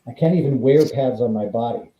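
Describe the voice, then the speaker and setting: A man's voice: mid-range voice, fairly quick, echoey room, dull audio. A middle-aged man, a former stuntman, tells stories as a guest in an interview, acting out the quoted dialogue. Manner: animated anecdote-telling, acts out quoted dialogue. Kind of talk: storytelling in a podcast interview.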